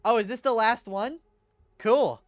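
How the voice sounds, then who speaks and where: A man's voice: extremely high pitch, a little slow, no echo. A man streaming a game, chatting casually with his viewers in a laid-back, profane, sarcastic way. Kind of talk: casual livestream chat while gaming.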